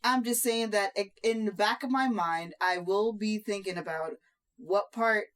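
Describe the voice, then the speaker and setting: A woman's voice: mid-range voice, a little slow. Opinionated woman podcast co-host. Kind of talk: casual chat.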